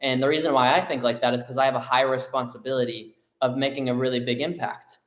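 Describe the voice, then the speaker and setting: A man's voice: medium pitch, steady tone, fast. A man co-hosting a motivational live show, talking in a firm, driven way and affirming what his co-host says. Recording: echoey room.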